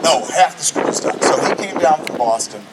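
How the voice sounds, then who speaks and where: A man in his forties spins a loose, profanity-laced story for a screening crowd, his voice sitting fairly high for a man. He is picked up from a distance, with clear room noise and the buzz of the venue around him. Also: expressive, moderate pace. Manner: profane, chatty, acts out both sides of conversations. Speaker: guest speaker at a film screening. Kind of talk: live storytelling anecdote to an audience. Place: screening venue with a live audience. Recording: distant mic in a noisy venue.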